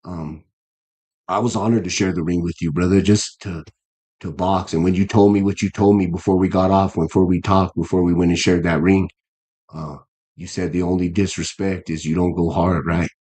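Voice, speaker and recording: Deep-voiced earnest man in his fifties. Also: steady tone, mellow, breathy edge. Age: 50s. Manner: earnest, halting, many restarts and fillers. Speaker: guest boxer. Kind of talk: casual interview chat.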